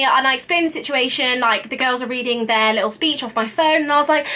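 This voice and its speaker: A woman in her twenties vlogging, telling a story in casual chat, animated and giggly, acting out quoted lines in a higher voice. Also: fast, hardly any pauses. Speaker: beauty vlogger.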